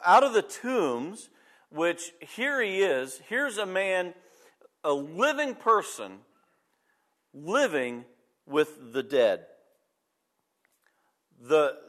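A pastor telling a personal story in a sermon, conversational and talking straight to the congregation. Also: male voice, a little high, a bit bright.

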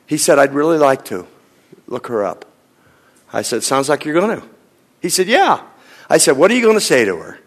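A man, a pastor, telling a story in a sermon and acting out both sides of a conversation, sometimes dropping to a hushed near-whisper. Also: mid-range voice, big pitch swings, a little fast, pauses often. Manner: acts out both sides of a dialogue, drops to a hushed near-whisper in tender moments.

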